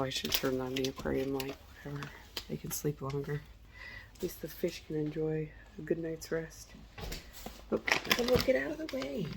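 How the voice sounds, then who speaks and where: A woman's voice: low voice, vocal fry. A middle-aged woman chatting casually and rambling through a home vlog. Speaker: vlogger. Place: home, indoors. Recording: noisy home recording.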